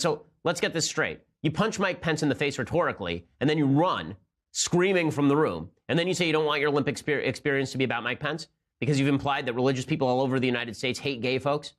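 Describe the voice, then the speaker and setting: Male political commentator at mid pitch, fast-talking, sarcastic and argumentative. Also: lively intonation, a bit bright. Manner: rapid-fire, sarcastic, argumentative.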